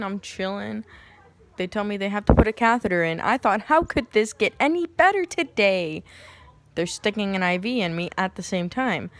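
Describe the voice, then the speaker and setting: A young woman talks to camera in a loose, joking way, jumping into other people's voices as she tells her story. She is crude and quick to laugh, and her pitch sits in the middle for a woman. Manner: animated, acts out quotes in shifting voices. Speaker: vlogger. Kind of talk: casual storytime vlog.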